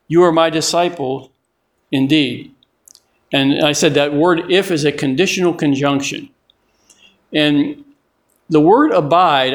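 An older man preaching a sermon in a conversational way, often repeating and restarting his words. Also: fairly high pitch.

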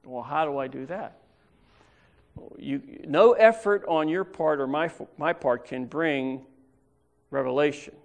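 A man preaching a sermon in church, explaining Bible verses step by step and reading scripture aloud with pauses. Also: on the high side, creaky.

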